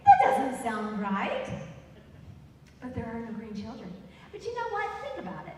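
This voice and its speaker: A woman telling comic family stories on stage in an animated way. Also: on the high side, normal speed, pauses often. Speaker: storyteller. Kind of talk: stage storytelling. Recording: echoey hall, distant mic.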